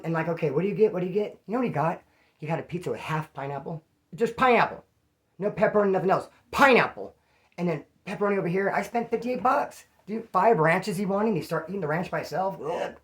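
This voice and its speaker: Fast-talking man telling a rough story. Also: high-pitched. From California. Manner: profane, animated street slang. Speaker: vlogger. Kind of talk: casual storytelling to camera.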